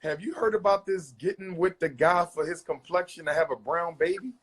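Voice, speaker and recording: A man's voice: a little high, fairly even intonation, fairly quick, husky, soft background music. A man hosting a live call-in stream, talking casually and emphatically with his callers. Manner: emphatic, calls callers queen. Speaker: live talk show host taking callers.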